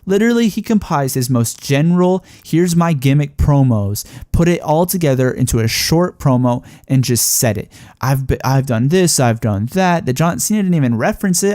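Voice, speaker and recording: A young man with a slightly high voice rants about a wrestling show. He rambles, swears freely and gets worked up. The sound is dry and close. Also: big pitch swings, a little fast, few pauses, mellow, no echo. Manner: heated, profane, rambling with frequent fillers. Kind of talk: casual ranting review.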